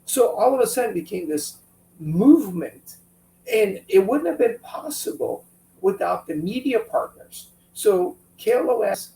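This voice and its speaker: A man telling a business story in an interview, animated and acting out what friends said. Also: high-pitched, measured pace, creaky. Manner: animated, acts out quotes from friends. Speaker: business owner guest. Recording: echoey room, a bit far from mic, faint hum.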